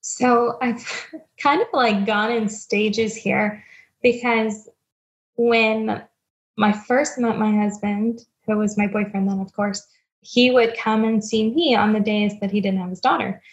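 Her medium-pitched voice stays fairly even and moves at a measured pace. As a young adult founder of a stepmom platform, she's a guest on a candid podcast, speaking earnestly and reflectively with a touch of self-deprecation about her stepmom life. The audio comes through a dull, lo-fi remote connection.

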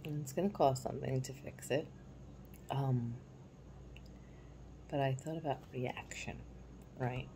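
A woman in her forties shares a family story in a loose, candid way, now and then sinking to a soft hush. Her voice sits very low and sounds dark and mellow, with a faint hiss underneath. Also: fairly even intonation, measured pace, pauses often, low-quality recording. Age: 40s. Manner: candid, reflective, drops to a soft hush at times. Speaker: parenting vlogger. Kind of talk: casual personal storytelling.

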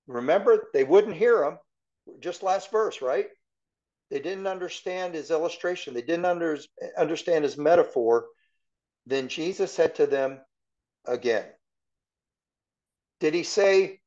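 A man's voice: mid-range voice, a little mellow, highs cut off. A man giving verse-by-verse Bible teaching in a conversational way, asking his class rhetorical questions.

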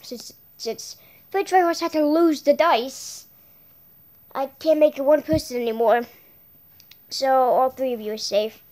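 High-voiced woman hosting a toy game show. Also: unhurried, pauses often, a little mellow. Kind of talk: playful role-play announcing.

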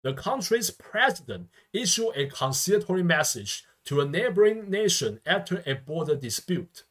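A man's voice: sits high, very animated, normal speed, fairly bright tone. Man teaching vocabulary with constant okay tags. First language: Mandarin. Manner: peppers speech with constant "okay" and "yeah" tags. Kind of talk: vocabulary lesson lecture.

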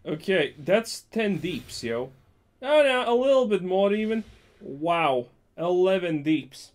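Sarcastic, lively gameplay commentator, man. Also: sits high, slow. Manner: joking, sarcastic rambling. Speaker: gaming YouTuber.

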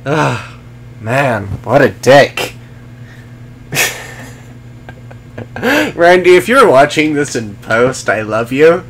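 He talks in a mid-range, sing-song voice, extremely slowly and with frequent pauses, over slight background noise. It's live gameplay commentary: he streams a game, swears, mocks enemies sarcastically and talks with chat.

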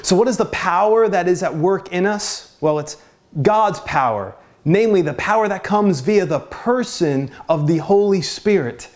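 A man, a pastor, giving a short devotional Bible exposition in a measured, deliberate teaching manner with rhetorical questions. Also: high-pitched, expressive.

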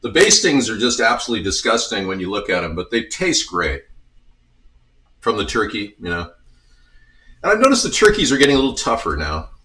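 A man cooking in a home kitchen, rambling through each step and dropping in joking asides. His voice sits fairly low but swings around a lot in pitch. He sounds echoey and some way off from the mic. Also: sing-song, fairly quick, long pauses, bright, forceful tone, distant mic. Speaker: home cook showing a recipe. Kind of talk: casual cooking demonstration.

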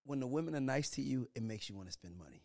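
A man's voice: mid-range voice, very fast, creaky. A man hosting a podcast in casual chat, joking and acting out quotes with lots of energy. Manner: animated, jokey, acts out quotes. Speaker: podcast host.

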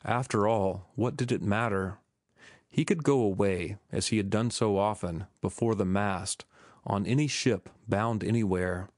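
A man narrating a classic novel as an audiobook, with a steady, even reading. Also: lowish voice, a little slow, no room sound, studio quality.

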